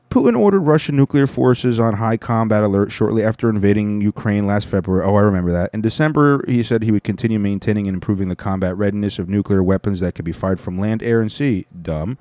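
A man with a low, mellow voice reads a news article aloud and breaks in with sarcastic, profane jokes. The recording is dry and close. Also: dry recording. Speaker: commentator reacting to a news article. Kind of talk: casual profane commentary.

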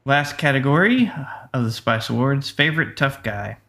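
A man co-hosting a casual movie-review podcast, speaking in a dry, matter-of-fact way with many pauses. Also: medium pitch, animated, bright, forceful tone. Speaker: podcast co-host.

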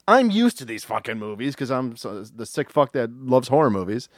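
A man's voice: mid-range voice, lively intonation, normal speed, no echo, studio quality. A man in his thirties, a podcast co-host telling a story in casual chat, rambling, profane and self-mocking.

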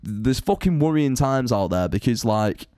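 A man's voice: medium pitch, animated, moderate pace, dark tone, no echo, clean studio sound. A man co-hosting a podcast, ranting in sweary, casual chat. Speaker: podcast co-host.

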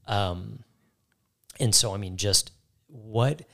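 A man's voice: lowish voice, takes it slowly, creaky, fairly bright tone. A man co-hosting a faith talk, telling a personal story earnestly and repeating key phrases for emphasis. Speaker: co-host.

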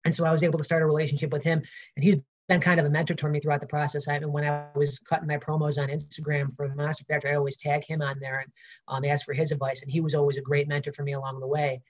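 A man's voice: a little high, little pitch movement, rapid-fire, highs cut off. A man with a Brooklyn accent, a pro wrestler answering interview questions in a rambling way with many fillers and restarts.

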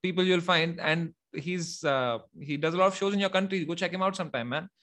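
A young man from India hosts a relaxed conversation in a high-pitched voice. He talks in an animated, loose way, laughs a lot and drops casual swears. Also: fairly quick. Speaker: host. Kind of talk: casual chat.

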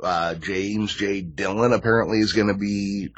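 Brief: man, low husky voice, blunt laid-back podcast co-host. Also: steady tone, normal speed, muffled recording. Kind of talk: casual chat.

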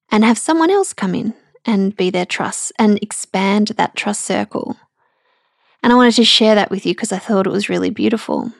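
A woman, hosting a personal podcast, speaking candidly and emotionally with halting restarts, close to tears. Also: medium pitch, gravelly, a little mellow, no echo. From Australia. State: tearful. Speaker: podcast host.

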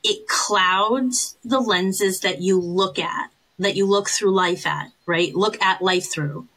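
A woman co-hosting a podcast, talking earnestly and encouragingly in casual chat, with quick laughs and the odd swear word. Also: mid-range voice, fairly bright tone, rough recording. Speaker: podcast co-host, recovery sponsor.

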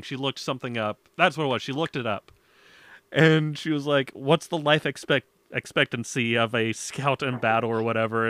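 A man's voice: medium pitch, bright, forceful tone, smooth, dry recording. Young man telling stories with laughs. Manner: laughs often, swears casually, acts out quoted parents. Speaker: podcast host. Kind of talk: casual storytelling chat.

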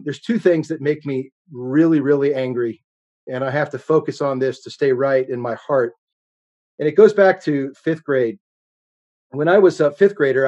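A middle-aged man preaches with earnest conviction, his voice sitting at an ordinary pitch. He tells a personal story, rising and falling in intensity as he goes. The recording sounds a little dull and muffled. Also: darkish tone. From United States. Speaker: guest preacher. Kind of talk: sermon.

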